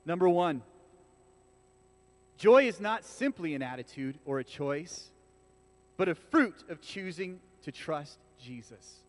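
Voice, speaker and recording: High-voiced pastor preaching casually. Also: male voice. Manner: casual and animated, with frequent restarts and asides to the congregation. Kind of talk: conversational sermon. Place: church.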